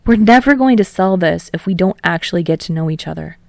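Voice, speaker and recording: A woman's voice: fairly low pitch, lively intonation, fairly quick, gravelly, no room sound, clean studio sound. A woman voicing an earnest, cheerful young man who speaks eagerly and plainly. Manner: eager and outspoken.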